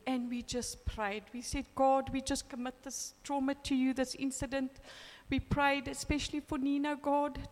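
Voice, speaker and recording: Woman, fifties, testimony, animated storytelling, high voice, reverberant hall. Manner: animated storytelling with quoted dialogue. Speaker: witness telling her story. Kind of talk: personal testimony.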